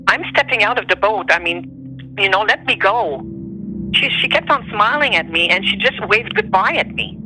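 A woman's voice: mid-range voice, normal speed, faint music behind, rough recording. Emotional Quebec French-accented woman storyteller. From Montreal, Canada. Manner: emotional, animated, voice rising on quoted speech. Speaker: storyteller guest. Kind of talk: personal storytelling.

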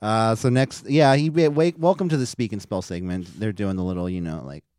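Low-voiced man recapping casually. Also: a little fast, a little mellow, dry recording, studio quality. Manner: rambling with fillers, acts out quotes. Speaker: podcast co-host. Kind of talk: casual wrestling recap chat.

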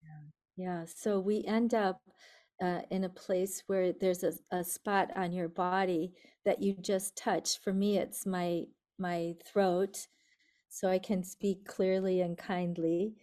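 A woman who is a guest on an interview podcast, speaking in a calm, reflective way. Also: lowish voice, takes it slowly. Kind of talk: interview conversation.

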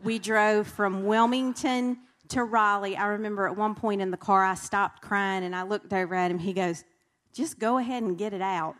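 A woman's voice: medium pitch, steady tone, moderate pace, a bit bright. A woman from North Carolina giving a candid, earnest personal testimony at a marriage conference, talking with many fillers.

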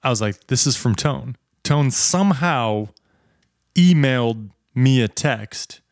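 A man's voice: medium pitch, lively intonation, slow, dry recording, clean studio sound. A man hosting a podcast, telling a rambling story in casual chat and correcting himself as he goes. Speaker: podcast host.

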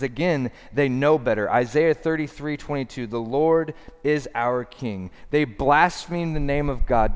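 Impassioned preacher in a reverberant hall. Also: male voice, mid-range voice, clean tone. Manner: impassioned, swings from loud emphasis to hushed. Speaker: pastor. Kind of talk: sermon.

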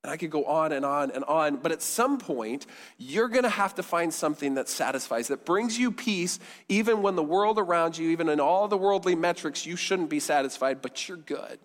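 Male pastor, conversational sermon, slightly higher voice, long hall echo. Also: animated, normal speed. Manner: conversational preaching, with quiet emphatic endings.

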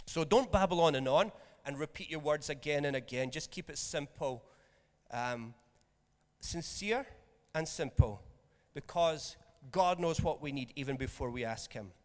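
A man's voice: a little high, expressive, a little slow, in a large hall. A man preaching a sermon in a conversational, jokey way, often checking in with his listeners. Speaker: pastor. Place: church hall.

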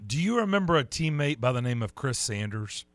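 A man hosting a sports radio show, chatting with a guest in a playful, drawn-out way. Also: mid-range voice, big pitch swings, no room sound.

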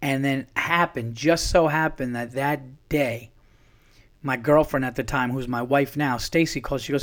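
A man's voice: medium pitch, fairly even intonation, a little slow, fairly bright tone. A comedian from New York, a man telling a long story casually, rambling and swearing with many restarts. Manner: rambling, profane, with frequent restarts. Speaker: comedian, podcast host.

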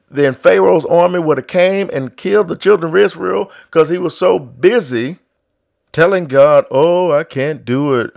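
A man preaching a sermon who starts low and quiet, then builds to loud exhortation with repeated refrains and acts out biblical voices. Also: gravelly.

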